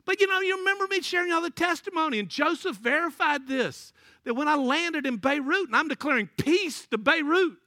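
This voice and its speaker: A man's voice: very high-pitched, expressive, brisk, pushed and bright, dry recording, studio quality. A man preaching a folksy sermon, telling stories and laughing often. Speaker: pastor.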